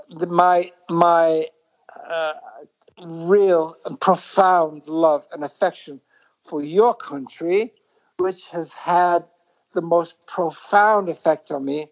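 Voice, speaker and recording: Reflective British man, halting and rambling. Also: on the high side, low-quality recording. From Britain. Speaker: guest musician. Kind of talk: casual interview chat.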